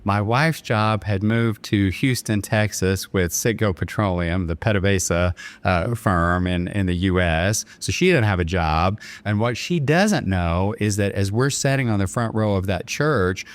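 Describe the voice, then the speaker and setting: A man's voice: on the low side, unhurried, hardly any pauses. A man, a podcast guest earnestly retelling a dramatic personal story with quoted dialogue. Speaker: bank chairman and podcast guest. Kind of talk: storytelling in an interview.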